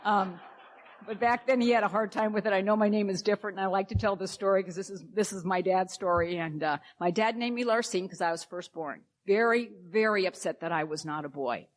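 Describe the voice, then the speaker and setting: A woman's voice: medium pitch, fairly quick, slight background noise. A woman sharing a personal story at a recovery meeting, candid and wryly humorous.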